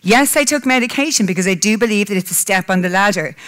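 At a conference hall, a woman in her 30s from Ireland gives a personal talk in an expressive, fairly bright, medium-pitched voice at a quick pace. She is heartfelt and candid, with a tearful edge, and breaks into laughter along the way.

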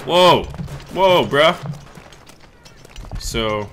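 A man giving excitable let's play commentary while playing a shooter game, often swearing and shouting at the action. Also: mid-range voice, unhurried, background noise. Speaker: gaming YouTuber. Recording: loud game gunfire behind voice. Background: game gunfire and explosions.

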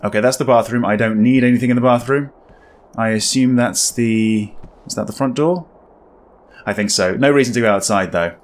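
A man's voice: medium pitch, normal speed, slight background noise. A man giving casual, wry commentary while playing a horror game, thinking aloud. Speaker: gaming video creator.

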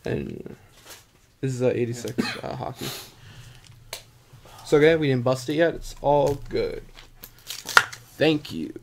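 A man's voice: mid-range voice, sing-song, measured pace, vocal fry, long pauses, background noise. A man hosting a live card-breaking stream in casual, self-mocking chat with a dry throat. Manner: joking, self-mocking, chatty.

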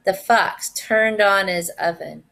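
A first grade teacher, a woman, reading a picture book aloud in an animated, expressive way. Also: medium pitch, slow pace, vocal fry.

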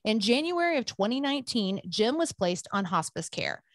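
Lively woman podcast host, dry studio. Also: on the high side, normal speed, no echo. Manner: expressive, animated storytelling. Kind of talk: casual podcast chat, reading a listener story.

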